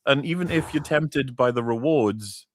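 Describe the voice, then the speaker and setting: A man's voice: medium pitch, measured pace, slight background noise. A man co-hosting a casual talk show, rambling in earnest asides. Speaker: podcast co-host. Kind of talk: casual chat.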